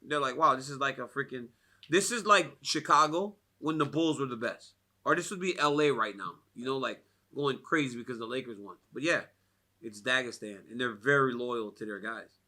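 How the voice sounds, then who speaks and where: A man's voice: medium pitch, normal speed. A man from the United States speaking at a fight media day, telling stories casually with many fillers and frequent laughs. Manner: animated storyteller, laughs often, many "like" fillers.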